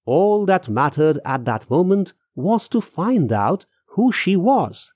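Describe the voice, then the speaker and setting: A storyteller reads a ghost story in a slow, deliberate voice. The pitch moves in wide, lively swings. The recording is dry and close to the mic. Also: slightly rough, no echo. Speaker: narrator. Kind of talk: audiobook narration of a ghost story.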